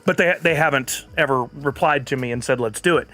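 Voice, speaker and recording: A man's voice: mid-range voice, fairly quick, bright, forceful tone. A man streaming live, chatting casually and answering viewers' comments. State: has the hiccups.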